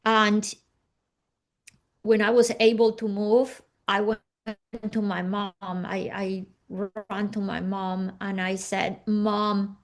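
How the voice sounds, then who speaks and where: A woman's voice: medium pitch, little pitch movement, takes it slowly. A woman guest in an interview, earnestly telling a personal story with slightly non-native phrasing and acting out what others said. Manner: earnest, acting out quoted dialogue.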